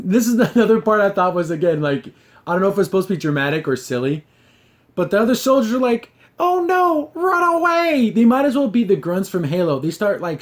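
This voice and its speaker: Young guy ranting about a cartoon ep, kinda high voice, snarky, does little silly voices. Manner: sarcastic, mocks scenes with quick put-on voices. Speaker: host reviewing a cartoon episode. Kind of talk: casual spoken review.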